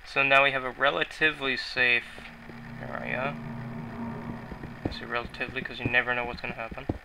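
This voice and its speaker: A man's voice: mid-range voice, little pitch movement, a little fast, vocal fry, background noise. A man giving rambling, self-mocking commentary while he plays a video game, often mumbling to himself. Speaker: gaming YouTuber. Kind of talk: casual Let's Play commentary.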